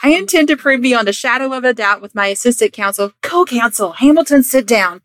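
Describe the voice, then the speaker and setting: This is a pompous courtroom lawyer from the young republic , acted out by a woman. His voice rides high and loud with showy, theatrical flourishes. The sound is dry and close. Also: expressive, a little fast, no room sound. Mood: grandiose. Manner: grand, theatrical courtroom address. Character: pompous male early American defense lawyer.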